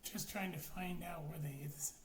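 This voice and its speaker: A woman giving a casual spoken movie review, rambling, excitable and full of swearing. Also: lowish voice, normal speed. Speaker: film reviewer. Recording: roomy echo, faint background noise.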